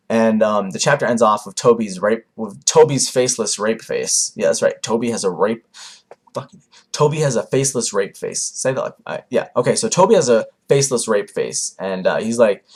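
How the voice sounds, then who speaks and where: A young man giving a casual, rambling manga review, with lots of fillers and animated asides. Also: on the low side, fairly quick. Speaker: anime reviewer.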